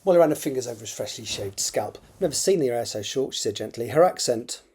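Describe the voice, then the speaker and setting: A man with a mellow, slightly husky voice reads his own fiction aloud at his desk. He often stops to repeat and rework a phrase. Between passages he mutters quiet asides to himself. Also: mid-range voice, expressive. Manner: halting, rereads and corrects phrases, mutters asides under his breath. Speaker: author.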